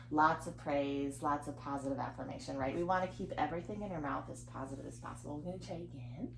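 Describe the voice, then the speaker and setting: A woman coaching parents through a baby feeding session, switching between sing-song baby talk and calm explanations. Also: low-pitched, quick pace. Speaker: lactation consultant. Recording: echoey room with loud background noise.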